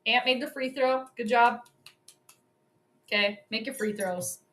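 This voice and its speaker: A young woman hosting a livestream, giving chatty and excitable commentary on a basketball game straight to her viewers. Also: a little high, measured pace. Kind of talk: casual live commentary.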